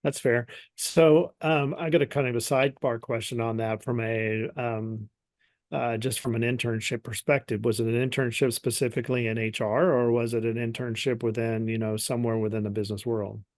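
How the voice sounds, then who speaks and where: Flat-voiced man moderating a panel. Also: medium pitch, moderate pace, dry recording.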